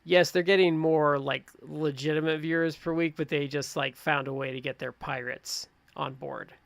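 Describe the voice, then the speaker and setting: A man co-hosting a podcast in casual chat, giving quick, animated, rambling opinions. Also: fairly high pitch, vocal fry, no room sound. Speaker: podcast co-host.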